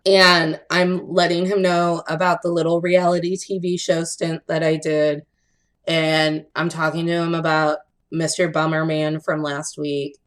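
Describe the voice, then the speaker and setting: A young adult woman co-hosting a podcast, telling an animated story in a casual chat, acting out quotes and laughing often. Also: fairly low pitch. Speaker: podcast co-host.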